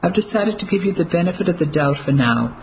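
Reader plays sneering male officer, mid pitch, quiet threat, audiobook. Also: lively intonation, quick pace, a little hiss or hum, close to an everyday voice, rough recording. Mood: mocking. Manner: mocking, menacing. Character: smug cruel male German officer.

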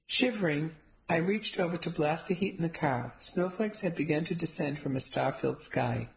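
A woman with a low voice narrating a novel in the first person. Her reading is steady and measured, and she shifts into other characters' lines as she goes. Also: creaky, rough recording. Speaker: audiobook narrator.

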